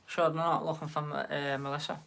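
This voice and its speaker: A man's voice: a little high, level tone, a little fast, gravelly, sharp tone. A man with a Liverpool accent hosting a live stream, chatting and bantering casually with viewers in the chat. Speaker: livestream host.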